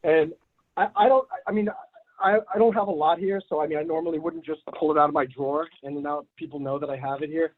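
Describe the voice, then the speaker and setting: A man with a notably high voice hosts a casual online group meeting. He rambles a little and hands out blunt advice. The audio comes through thin and tinny, like a phone line. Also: steady tone, quick pace. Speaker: host of online community meeting. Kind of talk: casual group video call.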